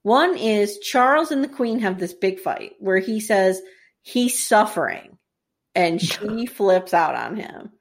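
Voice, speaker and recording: A woman casually chatting as a podcast co-host, telling the story in an animated way and acting out quotes. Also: medium pitch, takes it slowly. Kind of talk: casual chat recapping a TV series.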